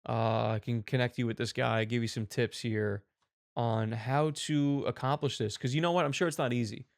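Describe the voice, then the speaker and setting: A man hosting a show, giving mock-serious, animated reaction commentary on videos and swearing casually. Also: mid-range voice, normal speed, creaky. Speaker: host.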